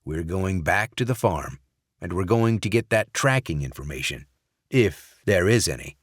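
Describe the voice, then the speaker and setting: A man voicing a calm, decisive male spy who leads the team. The spy speaks in a firm, steady way. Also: deep voice, normal speed, slightly rough, no room sound, studio quality.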